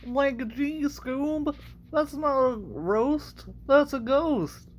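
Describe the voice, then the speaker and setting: A man voicing Shaggy, a lanky, cowardly young man who breaks into high, cracking, panicky yelps and drawn-out words. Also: heavily acted. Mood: nervous.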